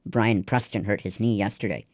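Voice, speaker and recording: A man's voice: fairly low pitch, moderate pace, no echo, natural voice. A man reading the lines of a spirited, stubborn young girl ballplayer in a storybook. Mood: eager.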